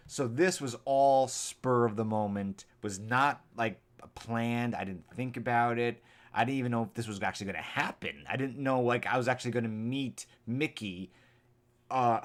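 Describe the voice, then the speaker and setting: Man hosting a live reaction stream; rambling, earnest, average pitch. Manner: rambling, earnest, thinks aloud. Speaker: vlogger reacting to his old videos.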